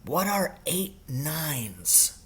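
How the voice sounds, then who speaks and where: A man's voice: high-pitched, sing-song, measured pace, voice pushed up, exaggerated voice. A man doing a timid little schoolboy. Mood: pleading. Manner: pleading, soft. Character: frightened young schoolboy, timid.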